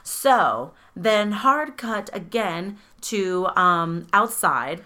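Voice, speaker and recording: A woman retelling a film to her co-host, chatty and loose, swearing freely. Her voice sits at an everyday middle pitch, and she acts out the characters' lines as she goes. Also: animated, drawn-out words, pushed and bright. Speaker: podcast co-host recapping a film. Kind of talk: casual chat.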